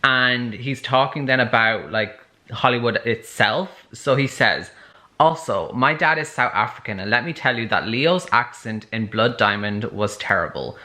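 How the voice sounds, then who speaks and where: A young man chats excitedly to camera from his reading nook at home, his voice bright and crisp. He speaks loosely, full of fillers, in casual book-vlog style. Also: mid-range voice, moderate pace. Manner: chatty and excitable, lots of "like". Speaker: book vlogger.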